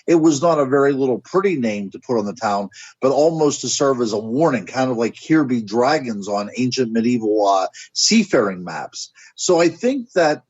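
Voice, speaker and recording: A man's voice: medium pitch, sing-song, normal speed, darkish tone, breathy edge, no room sound, muffled recording. A man from the United States, a guest on a radio interview, musing and speculating as he searches for words. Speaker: guest author and paranormal researcher.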